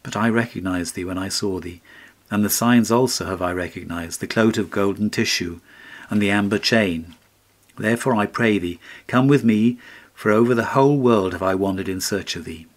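A grieving beggar woman, pleading and mournful, her low, soft voice close to breaking, as a male narrator puts her on. A fairy-tale figure from a classic storybook. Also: moderate pace, lightly acted. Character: poor ragged beggar woman, grieving mother.

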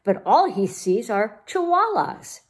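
A woman's voice: a little high, sing-song, slow pace, slightly rough, exaggerated voice. A woman voicing teasing young kitten sisters in a storybook read-aloud, speaking in a bratty way.

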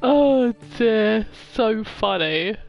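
A young streamer chatting and telling rambling stories while playing a game, laughing often and yelling at it when things go wrong. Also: mid-range voice, expressive, very slow, gravelly, muffled recording, faint music behind. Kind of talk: live gameplay chat.

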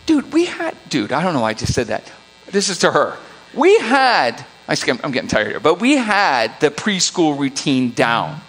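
High-voiced man talking in a reverberant hall. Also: normal speed. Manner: animated storytelling with acted quotes. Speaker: school psychologist presenting to parents. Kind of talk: parent forum talk. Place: school auditorium.

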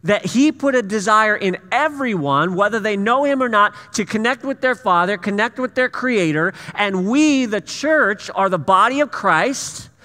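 A man's voice: high-pitched, expressive, moderate pace, few pauses, pushed and bright. A man from the US Pacific Northwest preaching a sermon in a church, telling stories with easy, self-deprecating humor. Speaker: pastor. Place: church sanctuary. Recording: church hall reverb.

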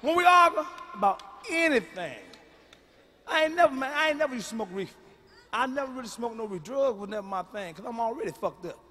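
A man doing a live stand-up routine with loud, emphatic storytelling that drops to hushed asides. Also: very high voice, animated, quick pace, slight background noise. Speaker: stand-up comedian. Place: large live venue.

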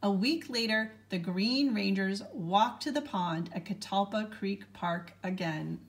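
A woman narrating a children's storybook aloud with a clear, gentle storytelling delivery. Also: mid-range voice, a little slow.

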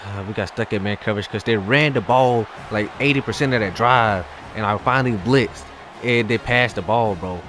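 Low-voiced man ranting over a game. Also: moderate pace, a little hiss or hum. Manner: exasperated ranting at the game, swinging between muttering and shouting. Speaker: gaming YouTuber. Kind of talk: live gameplay commentary.

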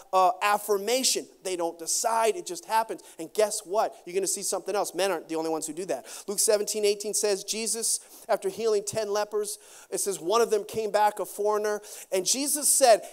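A male pastor delivering a lively sermon to his congregation. He preaches with animation, slipping into acted-out quotes and quick asides. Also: sits high, clean tone.

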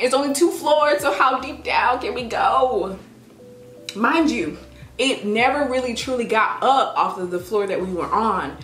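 A young woman vlogger telling a story in a casual, dramatic, animated way. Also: on the high side. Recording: echoey room with faint music.

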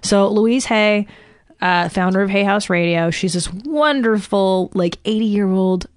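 A woman appears as a podcast guest, speaking candidly, poking fun at herself, and swearing freely. Her mid-range voice is smooth and unhurried, recorded with studio quality and no echo.

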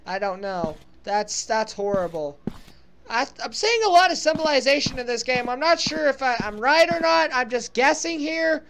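Woman, high voice, horror game commentary, reactive, faint noise behind. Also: fairly bright tone. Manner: reactive, sympathetic, swearing in fright. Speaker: let's play gamer.

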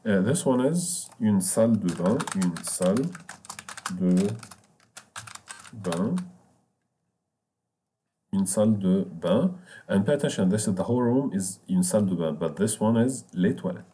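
A man with Arabic as his first language, teaching a French lesson for newcomers in English, patient and repetitive, spelling words out slowly. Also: lowish voice, lively intonation, dark tone, a little hiss or hum.

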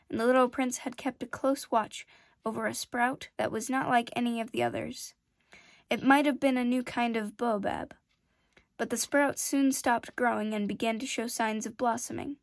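A woman with a fairly high voice reads a storybook aloud in a gentle, measured way. Her delivery is calm and steady, and the recording is dry and close, with no room echo. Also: gravelly. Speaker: storybook reader. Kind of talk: reading a classic children's novel aloud.

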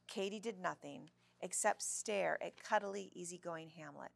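A woman reading a children's novel aloud in an expressive storybook way. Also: lowish voice, a little slow, creaky, few pauses, dry recording.

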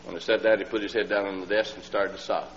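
On an old LP recording with hall reverb, a dull lo-fi sound, and a faint hum, a man preaches a sermon in a deep, level, fast voice. He tells a folksy story, acting out the voices of its characters, and builds to loud pleading.

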